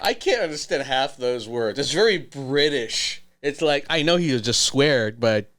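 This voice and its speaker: Chatty man with a lively voice. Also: mid-range voice, normal speed, no echo. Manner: rambling and chatty, many fillers. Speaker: reaction video host. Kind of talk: casual reaction commentary.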